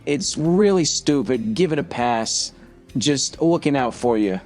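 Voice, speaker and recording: Dude doing a crude cranky comedian podcast rant, swears constantly. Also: male voice, mid-range voice, lively intonation, a little slow, a little mellow, soft background music, lightly acted. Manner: profane, grumbling rant. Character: crude, grumbling male comedian podcaster, middle-aged.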